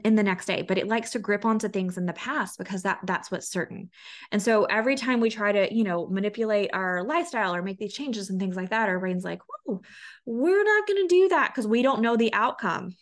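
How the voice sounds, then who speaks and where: A woman's voice: medium pitch, moderate pace. A woman hosting a solo podcast as a health coach, talking in an earnest, conversational way with frequent restarts.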